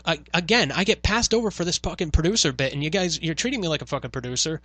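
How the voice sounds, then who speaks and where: Podcast host, New man, quick and bright-voiced, swears freely as he tells stories, dry close mic. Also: a little high, expressive, dry recording. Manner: profane storytelling, acts out quoted exchanges. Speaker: podcast host, former radio worker. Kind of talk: casual chat.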